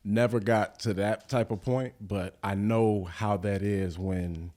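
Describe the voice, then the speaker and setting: A man's voice: fairly low pitch, fairly even intonation, takes it slowly, mellow. A man co-hosting a podcast in loose casual chat, often saying "like" and swearing now and then. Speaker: podcast co-host.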